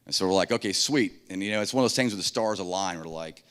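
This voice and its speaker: A middle-aged man giving a keynote on a conference stage, telling stories in an animated way and acting out the dialogue. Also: low-pitched, racing, clear, resonant tone. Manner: animated, acts out dialogue in voices. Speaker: keynote speaker. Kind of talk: keynote storytelling.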